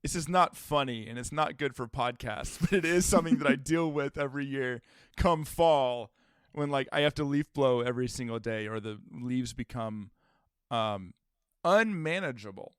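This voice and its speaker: A man's voice: mid-range voice, normal speed, clear, resonant tone, no room sound, clean studio sound. A man co-hosting a comedy podcast, chatting casually and joking, often laughing. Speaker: podcast co-host.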